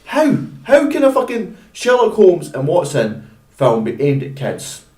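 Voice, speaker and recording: A man with a lively, swinging pitch in casual podcast talk, incredulous and quick to swear. He sits some way back from the mic, and an echoey room surrounds his voice. His mid-level voice rises sharply when he is disbelieving. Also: distant mic. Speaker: podcast co-host. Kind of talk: casual film review chat.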